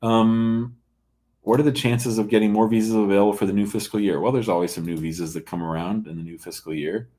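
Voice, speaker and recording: A middle-aged male lawyer running a live call-in stream, reading viewer comments aloud. He is blunt and jokey, and his voice sits a little low. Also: fairly even intonation, a little fast, dark tone. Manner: blunt, joking, reads chat comments aloud. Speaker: immigration lawyer hosting a live call-in show. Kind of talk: casual live-stream chat.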